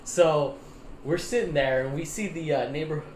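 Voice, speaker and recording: A young man casually telling a story to friends on a podcast, animated, laughing often and acting out the people in it. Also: on the high side, moderate pace, a little hiss or hum. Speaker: podcast host. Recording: echoey room with faint ambience.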